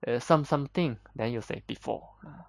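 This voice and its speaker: A Chinese teacher with a medium-pitched, gravelly voice speaks briskly while teaching vocabulary. He explains patiently, step by step, in plain, slightly broken English with simple examples, and the recording is dry.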